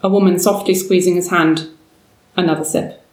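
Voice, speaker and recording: A woman narrating a story aloud in a measured, steady way. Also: fairly low pitch. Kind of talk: storybook reading. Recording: roomy, distant mic.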